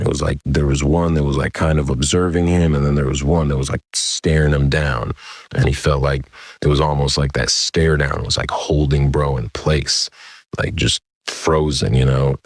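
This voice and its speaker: Very deep-voiced laid-back young man. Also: no echo, studio quality. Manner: rambling, slangy, laid-back. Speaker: podcast host. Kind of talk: casual storytelling.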